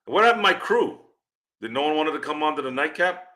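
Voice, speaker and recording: A man's voice: a little high, expressive, fast, pushed and bright. A man hosting a casual sports stream, rambling and teasing the people in his chat. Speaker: podcast host.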